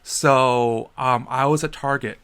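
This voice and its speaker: A man in his thirties co-hosting a casual podcast, an animated storyteller who acts out the people in his stories. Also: mid-range voice, slow, clear, resonant tone. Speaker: podcast co-host.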